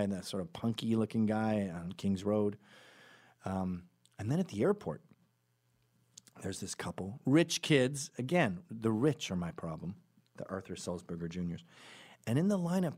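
Animated man telling rambling stories. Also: fairly low pitch. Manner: rambling anecdotes with asides and self-corrections; acts out quoted voices in the stories. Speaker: podcast host. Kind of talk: casual storytelling monologue.

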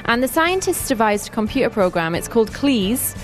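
A woman's voice: on the high side, big pitch swings, a little fast, faint music behind. A woman co-hosting a radio show, talking in a chatty, playful way. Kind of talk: casual radio banter.

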